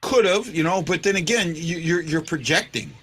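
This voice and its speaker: A man's voice: fairly high pitch, expressive, moderate pace, a bit bright, a little hiss or hum. A man hosting a casual sports chat, rambling with lots of fillers and restarts. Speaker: podcast host.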